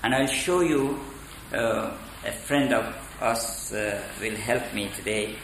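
A man giving a spoken lecture on poetry, deliberate and halting with many fillers. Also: lowish voice, vocal fry, noisy background. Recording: echoey room.

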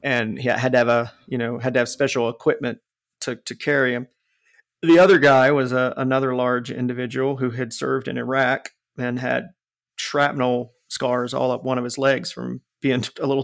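A man with a northern US accent tells stories in relaxed conversation. His voice has a gravelly edge in a middle register. He talks in an animated way, swearing and laughing as he goes. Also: medium pitch, normal speed. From northern United States. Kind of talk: casual storytelling chat.

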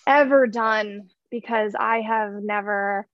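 A woman's voice: medium pitch, fairly even intonation, slow, no echo, lo-fi sound. A woman in her thirties telling a heartfelt personal story in an earnest way, with many fillers and restarts. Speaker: guest sharing her story.

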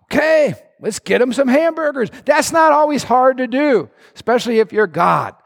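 A male pastor preaching a sermon in a church, animated and conversational with a humorous streak. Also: very high voice, moderate pace, gravelly, in a large hall, slight background noise.

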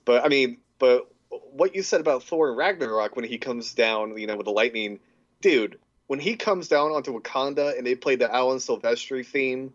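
A man's voice: medium pitch, moderate pace, dull audio. A man co-hosting a podcast in casual chat, talking enthusiastically and rambling with many fillers. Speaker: podcast co-host.

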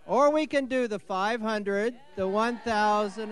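A man's voice: high-pitched, slow pace. A man hosting a raffle at a live event, chatty and fumbling with good humor.

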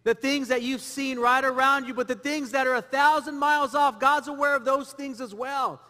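Male pastor, bright ringing tone, repetitive sermon delivery in a reverberant hall. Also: very high voice, steady tone, moderate pace. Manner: preaching with rhetorical questions and repetition.

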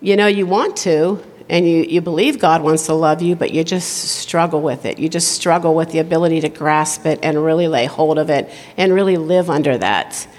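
A middle-aged woman giving a conversational, self-deprecating sermon at a conference, chatty and quick to laugh. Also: sits low, darkish tone. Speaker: speaker at a women's conference. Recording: long hall reverb.

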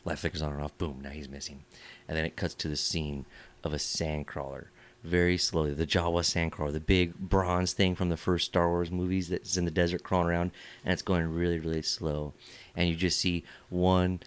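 A man's voice: sits low, flat delivery, normal speed. A man from California co-hosting a podcast, telling crude rambling stories and laughing often. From California, USA. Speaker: podcast co-host. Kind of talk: casual chat.

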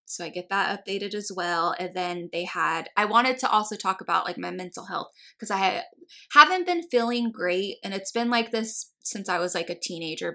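Bright-voiced young woman telling a story. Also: lowish voice, vocal fry. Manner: chatty storytelling, acts out quoted dialogue, many "like"s. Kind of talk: casual chat.

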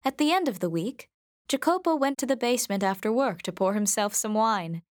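A woman narrating a storybook in a gentle, measured way. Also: a little high, animated, dry recording, studio quality. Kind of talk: storybook reading.

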